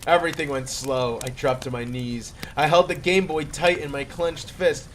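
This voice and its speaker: A man's voice: a little high, steady tone, normal speed, slight background noise. A man reading a horror story aloud in a playful, mock-dramatic way. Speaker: creepypasta reader.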